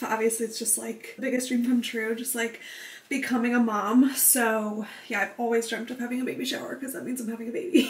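Breathy pregnant young woman vlogging at home. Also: fairly high pitch. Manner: bubbly, filler-heavy, talking to camera. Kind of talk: casual chatty vlog. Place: home, indoors. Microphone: camera mic. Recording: echoey room.

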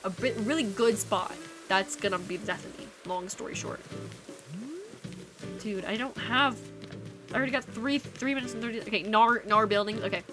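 A woman speaks at a moderate pace and medium pitch while streaming a game, casually chatting and teasing her viewers in a playful way. Game background music accompanies her.

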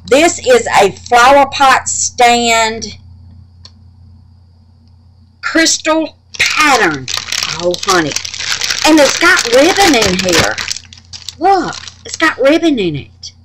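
A woman's voice: on the high side, big pitch swings, slow, long pauses. A woman chatting to her viewers about her resin crafts, calling them babies and honey. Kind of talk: casual chat to viewers. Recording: noisy home recording.

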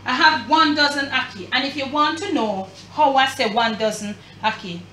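A woman's voice: high-pitched, moderate pace, pushed and bright, a little hiss or hum. A woman with a Jamaican accent hosting a cooking show, talking viewers through a recipe in a chatty, emphatic way. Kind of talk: casual cooking demonstration. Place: home kitchen. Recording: roomy sound from a distance.

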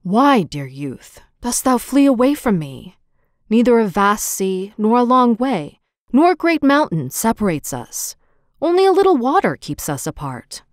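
A woman's voice: a little high, sing-song, measured pace, no echo, clean studio sound. A woman voicing a proud young man, lovesick and pleading in old-fashioned formal speech. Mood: yearning.

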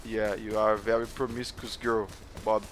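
A man from Brazil with a Brazilian accent, a gamer joking his way through gameplay commentary with playful teasing and sudden excited yelps. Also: fairly low pitch, moderate pace, a little hiss or hum. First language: Portuguese. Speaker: gamer hosting a let's play channel.

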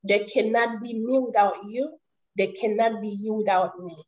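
A woman from Haiti, an activist, giving prepared remarks on an online panel in an earnest, measured way. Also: medium pitch, steady tone, darkish tone, dull audio.

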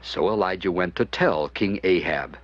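A man giving scripted narration of a children's Bible story, expressive and animated. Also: low voice, normal speed. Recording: dull lo-fi with music behind.

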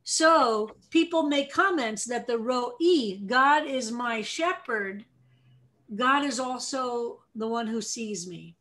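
American woman rabbi, higher voice, leading a study class with questions. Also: slow. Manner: animated explainer, asks the class questions. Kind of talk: teaching a text study session.

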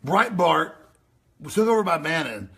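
A man hosting a radio show, ranting over news clips, excitable and yelling, with mocking impressions. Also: a little high, normal speed. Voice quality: gravelly, raspy.

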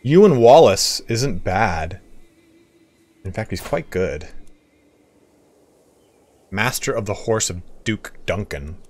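A man casually commenting on a strategy game he is playing, chatty and excitable, often laughing. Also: lowish voice, slow, pauses often. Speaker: let's play streamer.

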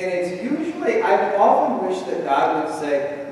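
A man's voice: sits high, lively intonation, moderate pace, few pauses, a little mellow, slight background noise. A man giving a playful children's message in church, chatting and asking the kids questions. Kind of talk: children's sermon. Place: church sanctuary. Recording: echoey church hall from far off.

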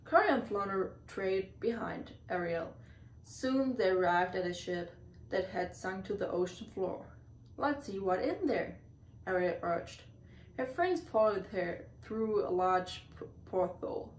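A woman's voice: mid-range voice, measured pace. A woman reading a children's storybook aloud, stumbling and restarting on words now and then. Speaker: reader. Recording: echoey room, far from the mic, faint hiss.

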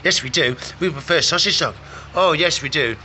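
Bright-voiced playful man. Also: a little high, normal speed, slight background noise. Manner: playful, baby-talks to animals. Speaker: reptile shop owner and vlogger. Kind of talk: casual vlog narration. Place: pet shop.

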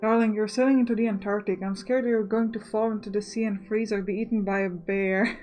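A man's voice: high-pitched, level tone, brisk, darkish tone, natural voice, poor audio. A woman reading a protective husband. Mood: worried. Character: teasing, protective middle-aged husband.

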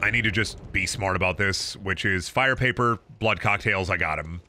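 A man streaming a video game, giving crude, joking, excitable commentary. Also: low-pitched, normal speed, a little hiss or hum. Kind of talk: casual gaming commentary.

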